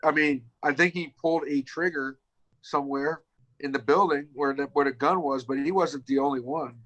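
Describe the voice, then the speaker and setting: A man's voice: fairly high pitch, steady tone, moderate pace, a bit bright, poor audio. A man co-hosting a casual podcast, blunt and skeptical with plenty of swearing. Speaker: podcast co-host.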